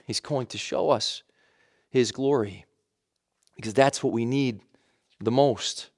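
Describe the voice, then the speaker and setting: A man's voice: mid-range voice, slow, gravelly, dry recording, clean studio sound. A man preaching a sermon in a conversational way, with emphatic repetition and frequent self-corrections. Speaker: pastor.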